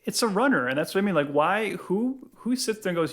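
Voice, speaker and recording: A man co-hosting a film-review podcast in a relaxed chat. His voice sits a little high, and he argues insistently with frequent rhetorical questions. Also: brisk, few pauses. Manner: critical, emphatic, lots of "like" and rhetorical questions. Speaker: podcast co-host.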